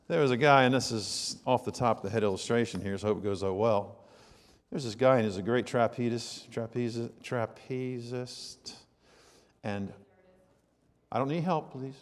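A man's voice: a little high, a little mellow, long reverb tail. A male pastor preaching a sermon in a conversational, joking storytelling manner with asides to the congregation.

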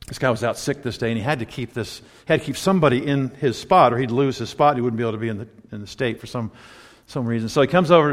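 A man preaching a sermon, telling a story animatedly and acting out the scenes. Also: mid-range voice. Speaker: pastor. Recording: long hall reverb.

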